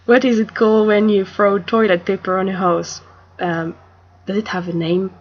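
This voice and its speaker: A young woman from France with a French accent, talking casually to camera in a hesitant, soft-spoken way with filler pauses. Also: mid-range voice, flat delivery, dull audio. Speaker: vlogger.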